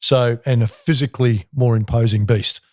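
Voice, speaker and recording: Mellow-voiced older Australian storyteller. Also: male voice, mid-range voice, normal speed, dry recording, clean studio sound. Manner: animated, colourful storyteller. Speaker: guest, former basketball player. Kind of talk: storytelling in a podcast interview.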